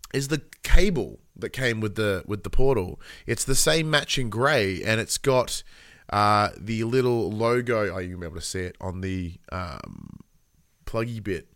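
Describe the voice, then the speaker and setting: A man's voice: lowish voice, a bit bright, no room sound, clean studio sound. An Australian man in his thirties, co-hosting a podcast in a casual chat, rambling with lots of fillers and self-deprecating asides. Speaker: podcast co-host.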